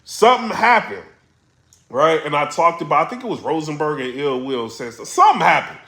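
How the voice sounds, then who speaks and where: This is a man running his own commentary vlog, loose and slangy as he unpacks the latest drama for his viewers. His pitch sits a little high and leaps around freely. The room has a clear echo to it. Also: fairly quick. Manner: slangy, animated storytelling. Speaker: battle rap blogger.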